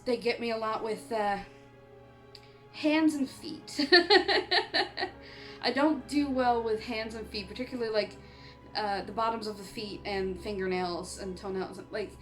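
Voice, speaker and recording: A woman's voice: on the high side, fairly bright tone. A woman from Canada chatting casually in a horror movie review vlog, rambling and laughing often, and she has the hiccups. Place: home on an island in eastern Canada.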